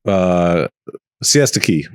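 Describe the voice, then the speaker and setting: A man swaps stories on a podcast, his pitch swinging up and down as he acts out every voice in them. He swears freely and talks in a loose, easy way, close to a dry, deadened mic. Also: slow, clear, resonant tone, no echo. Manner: animated, profane storyteller who acts out quotes. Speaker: podcast co-host. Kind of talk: casual storytelling chat.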